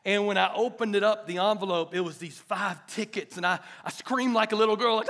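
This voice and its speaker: A middle-aged man preaching a sermon to his church, animated and chatty, joking with the congregation. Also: high voice, brisk, hardly any pauses, slight background noise. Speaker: pastor. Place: church hall.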